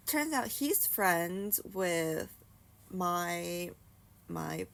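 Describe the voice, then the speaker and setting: A woman's voice: on the low side, big pitch swings, normal speed, gravelly. A woman vlogger telling a casual, rambling story, peppered with "like" and restarts.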